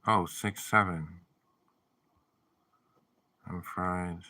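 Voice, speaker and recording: Deep, slow-talking man streaming live. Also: fairly even intonation, pushed and bright. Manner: playful, jokey, reads viewer messages aloud. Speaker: livestreamer reading chat. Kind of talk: casual live-stream chat.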